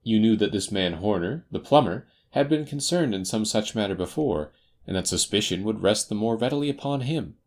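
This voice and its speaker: A man voicing a confident, faintly teasing detective in a crisp, assured manner for an audiobook. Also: lowish voice, expressive, a little fast. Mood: stern. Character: brisk, confident male detective. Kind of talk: audiobook character voice.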